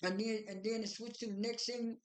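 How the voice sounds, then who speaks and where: A woman's voice: on the high side, fairly even intonation, brisk. Rambling woman recapping in an echoey room. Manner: rambling, many fillers and restarts, retells dialogue. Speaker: reality TV recap vlogger. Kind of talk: casual episode recap. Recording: roomy echo.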